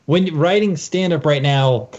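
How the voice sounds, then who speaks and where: A man's voice: on the high side, a little slow, darkish tone. A man, a comedian co-hosting a podcast, chatting casually with wry, ironic asides. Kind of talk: casual chat. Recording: dull lo-fi podcast audio.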